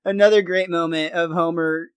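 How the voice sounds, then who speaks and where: A man's voice: a little high, fairly even intonation, normal speed, a bit bright, clear, resonant tone, no room sound. Casual male co-host, recaps with laughs, dead dry recording. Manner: chatty, laughs between lines. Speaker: podcast co-host.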